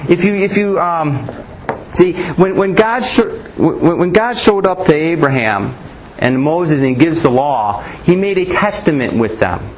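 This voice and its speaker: A man's voice: on the high side, lively intonation, a little slow, a little hiss or hum, low-quality recording. A man preaching a Bible teaching sermon, asking rhetorical questions and often restarting his sentences.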